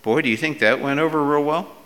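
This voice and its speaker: A man's voice: on the high side, quick pace, in a large hall. A middle-aged male pastor preaching a sermon in a conversational way, sometimes raising his voice for quoted speech. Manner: conversational preaching, rising to loud acted quotes.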